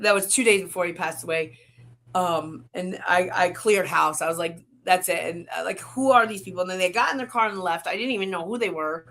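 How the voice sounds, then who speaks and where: A woman's voice: mid-range voice, fairly bright tone. A woman guest telling a painful personal story in conversation, rambling and heated, with many restarts.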